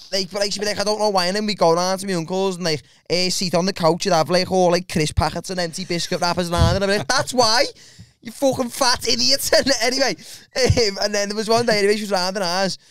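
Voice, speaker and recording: A man's voice: high voice, clear, resonant tone, no echo, clean studio sound. A young man with a Liverpool accent, co-hosting a comedy podcast and telling crude, rambling stories full of fillers and restarts. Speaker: podcast co-host. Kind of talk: casual storytelling chat.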